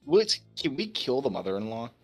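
A man's voice: mid-range voice, big pitch swings, normal speed, a little mellow, breathy edge, faint music behind. A young man co-playing a game, tossing out dry, darkly jokey banter in casual chat. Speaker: co-player. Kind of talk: casual let's-play banter.

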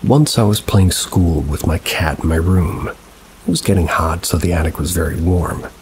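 A man reading true paranormal stories aloud in a measured, somber storytelling manner with dry asides. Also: low-pitched, a little hiss or hum, rough recording. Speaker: story narrator. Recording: steady rain sounds behind the voice. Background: rain ambience.

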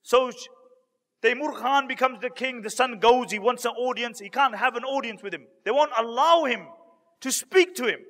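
Long hall reverb carries the very high, slightly bright voice of an Islamic preacher speaking at normal speed. Before a live audience, he preaches a storytelling sermon and dramatically acts out what the people in his stories say.

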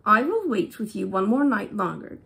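A woman voicing a gentle little male swallow in a storybook reading, with an affected English-style accent and a sweet, pleading delivery. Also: medium pitch, very animated, moderate pace, gravelly. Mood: tender. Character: small male swallow, gentle and longing to leave.

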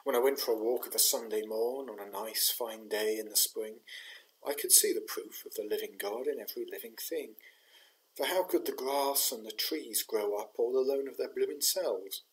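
A man's voice: mid-range voice, moderate pace, lightly acted, rough recording. A man reading a poem in the voice of a disillusioned young soldier in the trenches, reciting earnestly with a grieving tone. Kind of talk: poetry reading.

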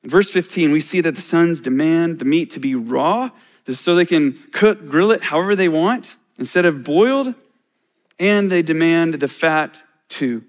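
A man's voice: fairly high pitch, expressive, normal speed. A middle-aged man, a church elder, preaching a sermon in a conversational way with self-deprecating humor.

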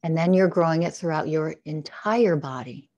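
A woman with a low-pitched voice leads a guided meditation. She speaks in a slow, soothing cadence and keeps repeating gentle affirmations. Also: lo-fi sound. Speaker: guest, spiritual teacher. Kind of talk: guided heart-centered meditation coaching.

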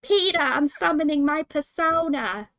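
A whiny cartoon housewife calls out again and again in a sing-song lilt, as a woman puts her on. The voice rides high and bright, and it is pushed louder than ordinary talk. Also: lively intonation, measured pace, exaggerated voice. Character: nagging cartoon housewife calling her husband.

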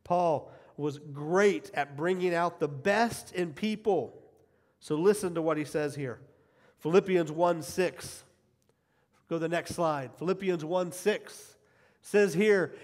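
A middle-aged man preaching a sermon as pastor, emphatic, repeating key phrases and swinging from quiet asides to loud cheering. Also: sits high, expressive, a little slow. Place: church sanctuary. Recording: long hall reverb.

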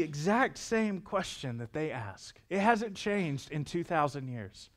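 A man's voice: a little high, lively intonation, unhurried. Earnest male pastor preaching a sermon. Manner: earnest, reads scripture then explains it conversationally.

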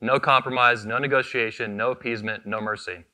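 A convention founder gives a combative, profane keynote on stage into a microphone, his mid-range voice steady, sharp, and a little fast. The speech is fiery, built on short phrases he pounds again and again.

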